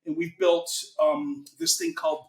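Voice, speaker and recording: A man's voice: extremely high pitch, sing-song, unhurried, creaky, reverberant. An American man talking as a guest in a casual interview, chatty and salesy. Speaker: guest, financing consultant.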